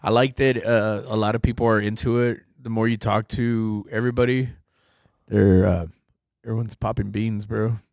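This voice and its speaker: A young man co-hosting a casual podcast, relaxed and rambling. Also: fairly low pitch, normal speed, creaky, no echo, studio quality. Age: young adult. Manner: relaxed, rambling, laughs often. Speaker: podcast co-host. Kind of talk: casual chat.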